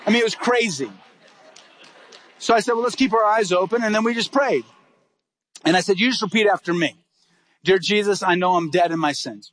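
Fast-talking, high-voiced male preacher. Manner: animated, acts out dialogue in quick bursts. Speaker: pastor. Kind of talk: sermon storytelling.

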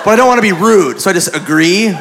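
A man doing stand-up, telling a story in an animated, profane, self-mocking way. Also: high voice, fast talker, noisy background. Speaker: stand-up comedian. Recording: live club with audience laughter.

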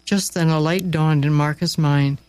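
A man reading a story aloud with expressive, slowed dramatic emphasis. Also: fairly high pitch, clean tone, poor audio. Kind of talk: read-aloud story narration.

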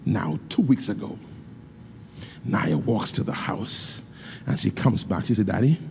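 A man's voice: fairly low pitch, expressive, unhurried, creaky, a little mellow. A man preaching with fervor, his grammar loose and casual as he tells a story to the congregation. He calls out to his listeners and slips into speaking in tongues. A faint hum sits behind him. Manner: storytelling with call-outs to the congregation. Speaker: pastor. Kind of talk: sermon.

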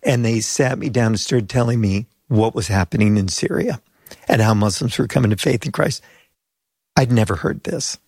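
A man's voice: lowish voice, normal speed, a little mellow, dry recording, clean studio sound. An older man, a pastor and mission leader from the United States, telling stories as an interview guest and acting out the voices of people he quotes. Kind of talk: storytelling interview.

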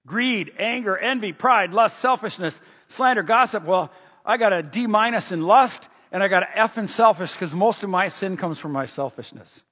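Guy preaching a sermon, kinda high voice, big echoey hall, earnest rhetorical questions. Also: normal speed, fairly bright tone, breathy edge. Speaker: pastor. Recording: dull, long-reverb hall sound.

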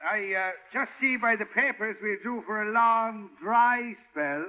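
A sly old-time radio beat cop. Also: male voice, sits high, a little slow. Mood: sly hinting. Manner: sly, hinting. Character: Irish-style beat cop, male, middle-aged, cadging drinks. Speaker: policeman character. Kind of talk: 1940s radio acting. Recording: tinny old radio broadcast.

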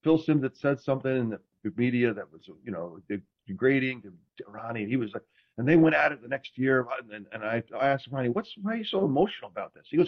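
A man telling stories in casual chat, animated and self-deprecating, acting out quotes. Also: medium pitch, fast, husky, dull audio. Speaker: podcast host, former NFL quarterback.

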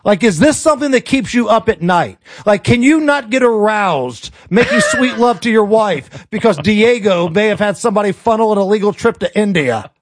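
Male talk host with a high voice, dry close mic, sarcastic folksy rants. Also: lively intonation, moderate pace, few pauses, dry recording. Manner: sarcastic, colloquial, jokey rants. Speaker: radio talk show host. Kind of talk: opinionated political talk radio.

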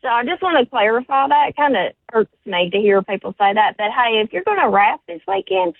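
A woman's voice: fairly high pitch, animated, a little fast, gravelly, dry recording. A woman with a Southern US accent calling in to a radio show, friendly and chatty. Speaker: caller. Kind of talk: phone call to a radio show. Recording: tinny phone line.

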